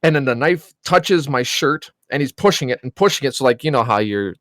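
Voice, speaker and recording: A man co-hosting a podcast, telling a story in a casual, animated way. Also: mid-range voice, a little fast, no echo. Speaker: podcast co-host.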